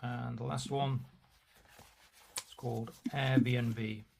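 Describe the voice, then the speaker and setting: A man reads his own poetry over a video call, pausing for dry, chatty asides between pieces. His voice sits at an ordinary middle pitch and comes through a video call. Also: level tone, vocal fry, a little mellow, a little hiss or hum. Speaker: poet reading his work.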